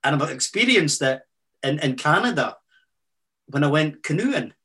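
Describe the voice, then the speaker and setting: A man in his sixties with a Fife Scottish accent, telling army boxing stories as a guest in a casual interview, with halting restarts and broad Scots words. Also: on the high side, very animated, bright, forceful tone, breathy edge. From Scotland.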